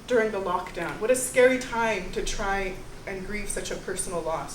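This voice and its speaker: A young woman performing one-woman stage storytelling in a lively, casual way, often saying "like". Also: medium pitch, background noise. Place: theater stage. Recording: roomy live stage sound from far off.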